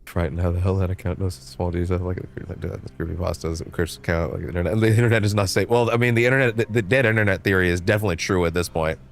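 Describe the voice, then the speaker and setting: A man's voice: fast talker, vocal fry, few pauses, a little hiss or hum. A man livestreaming a game, ranting animatedly and swearing freely at his chat. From Canada. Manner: animated, profane ranting with shifting pitch.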